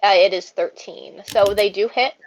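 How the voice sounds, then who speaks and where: A woman running a tabletop game as game master, narrating the scene in an unhurried way with fillers. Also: mid-range voice. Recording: dull lo-fi mic.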